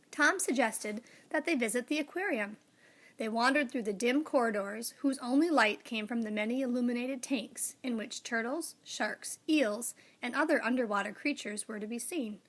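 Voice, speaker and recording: A woman narrating a children's story aloud in a measured, gently expressive way. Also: a little high.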